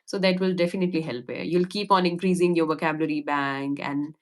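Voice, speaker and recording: Indian woman host, lowish voice, encouraging, reads out questions. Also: fast. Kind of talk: casual interview chat.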